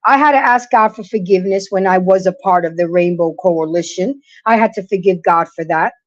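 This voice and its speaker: A middle-aged woman hosts a casual livestream, speaking briskly in a fairly low voice. She talks emphatically, preaching to her viewers while greeting the chat. The audio is lo-fi and dull.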